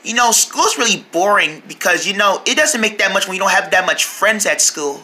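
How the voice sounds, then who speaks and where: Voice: mid-range voice, lively intonation, a little fast, pushed and bright. A performer doing a shy young schoolkid.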